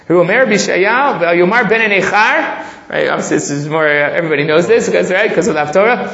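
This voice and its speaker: Man giving an animated Torah class. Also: sits high, quick pace, vocal fry, hardly any pauses, roomy sound, muffled recording. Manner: reads Hebrew text aloud then explains in English, growing excited. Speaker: Torah teacher. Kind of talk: text-based Torah class.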